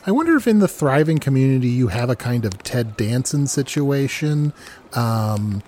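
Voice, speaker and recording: A man's voice: mid-range voice, expressive, normal speed, darkish tone. Guy hosting a comedy show, playful and rambly, voice jumps around, faint hiss. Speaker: host. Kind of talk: improv comedy.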